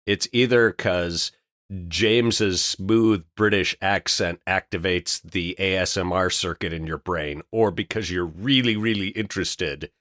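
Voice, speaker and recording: A man co-hosting a podcast, talking casually with animated, laughing banter. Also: low-pitched, unhurried, no room sound, clean studio sound. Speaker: podcast co-host.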